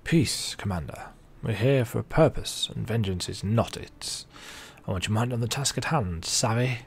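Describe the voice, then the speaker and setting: Stern pirate admiral giving orders, read out by a man, low gravelly voice. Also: lively intonation, normal speed, exaggerated voice. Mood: commanding. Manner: read-out game dialogue, clipped orders.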